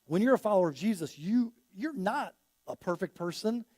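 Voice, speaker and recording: A man with a notably high voice preaches in a relaxed, conversational way, weaving a personal story into his sermon. He gets louder and more animated when acting out the people in his anecdotes. The sound is close and dry, with little room echo. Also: fairly quick. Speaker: pastor.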